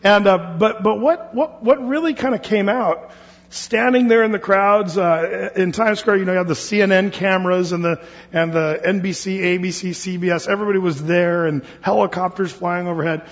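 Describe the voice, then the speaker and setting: A pastor from Oregon leading a Bible study in a church hall, talking casually with many fillers and restarts. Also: male voice, high voice, normal speed. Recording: dull lo-fi sound with long hall reverb.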